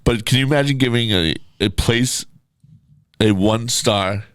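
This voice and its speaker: A man's voice: medium pitch, measured pace, fairly bright tone, dry recording. A man co-hosting a podcast in casual chat, reading reviews aloud with a wry, teasing manner. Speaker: podcast co-host, promoter.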